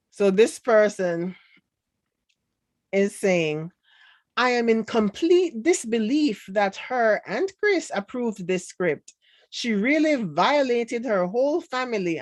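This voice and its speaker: A woman's voice: mid-range voice, animated, slow, pauses often, dry recording. A Jamaican woman with a light accent, casually chatting and reading viewer comments in a sarcastic, laughing way. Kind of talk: casual chat.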